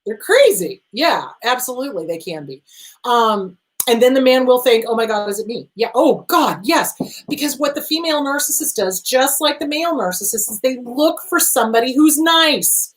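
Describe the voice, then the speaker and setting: A middle-aged woman therapist hosting an advice show, answering viewer questions in an emphatic, animated way and talking straight to the listener. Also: high voice, normal speed, low-quality recording. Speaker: therapist host.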